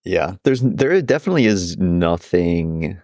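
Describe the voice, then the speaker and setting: Low-voiced man steering podcast talk. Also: very animated, measured pace, darkish tone, no room sound, clean studio sound. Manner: earnest, leads the discussion. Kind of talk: casual chat.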